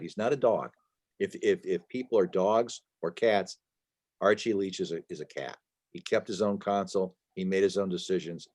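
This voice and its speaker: A deep-voiced man speaks as a guest author on a video call. He explains at length and leans hard on key words, often restarting and padding with "uh". His low voice gives the answers a steady weight. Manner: discursive, emphatic, many restarts and fillers. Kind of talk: conversational interview answers.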